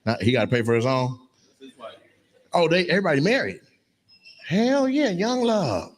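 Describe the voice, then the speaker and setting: A man's voice: a little high, big pitch swings, normal speed, pauses often. A man doing stand-up crowd work, teasing audience members in brash, profane banter on a live stage mic. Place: live comedy venue. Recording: noisy live venue sound.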